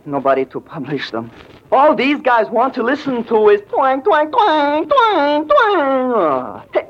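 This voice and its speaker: An actor playing an eager young piano player who talks in jive slang in 1940s radio acting. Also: male voice, extremely high pitch, huge pitch swings, slow, exaggerated voice. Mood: chatty jive. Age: young adult. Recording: dull old radio recording.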